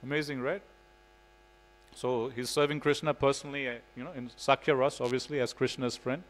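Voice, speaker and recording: A man's voice: mid-range voice, steady tone, a little fast, rough recording. A man giving a devotional scripture class in a temple, telling stories in a casual way with frequent "you know". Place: temple hall.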